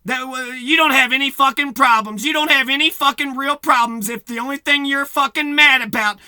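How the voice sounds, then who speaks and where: A man's voice: very high-pitched, fairly even intonation, a little fast, few pauses, bright, forceful tone, no room sound, studio quality. A man delivering a profane, agitated rant to camera, repeating himself and swearing heavily. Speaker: vlogger.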